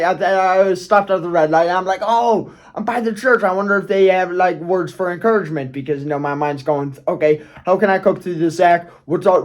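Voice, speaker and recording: A man telling a personal story on his video channel, rambling and often checking in with "okay?". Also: high voice. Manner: rambling, keeps asking "okay?", restarts, swears. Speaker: YouTuber. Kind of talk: casual storytelling vlog.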